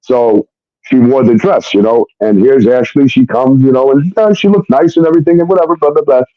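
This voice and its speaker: A man's voice: medium pitch, brisk, no room sound. A man telling a personal story in a casual, rambling way, blunt and full of fillers and swearing. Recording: muffled dry recording.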